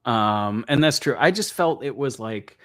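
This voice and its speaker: A man's voice: medium pitch, lively intonation, measured pace. Male podcast co-host, mid-range voice, hesitant, leans on fillers and trails off. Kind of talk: casual chat.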